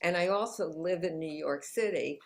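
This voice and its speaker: In a conversational interview in New York City, a woman who is an author appears as a guest, speaking in an upbeat, motivational way and laughing often. Her voice is low and her pace normal.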